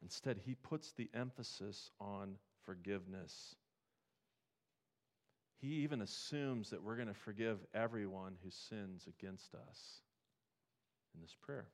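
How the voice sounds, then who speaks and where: Guy preaching a sermon, chatty, lots of rhetorical questions, gets loud and high on the big points. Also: unhurried, long pauses. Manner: conversational preaching with rhetorical questions and rising emphasis. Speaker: pastor.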